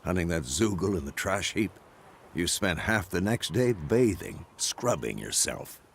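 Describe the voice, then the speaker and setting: A grizzled old monster-hunting mentor from a fantasy video game, with an extremely deep voice and a rough, gravelly fry under it. He talks in a dry, seasoned, teasing way, like someone who has seen it all. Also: big pitch swings, unhurried, slight background noise, heavily acted. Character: grizzled old male witcher mentor, gruff and wry.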